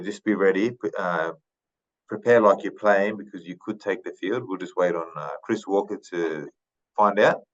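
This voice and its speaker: A man in his thirties from Papua New Guinea, a podcast guest telling his story in a thoughtful, unhurried way with many fillers and restarts. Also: lowish voice, muffled recording. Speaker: podcast guest, retired rugby league player. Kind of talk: casual interview storytelling.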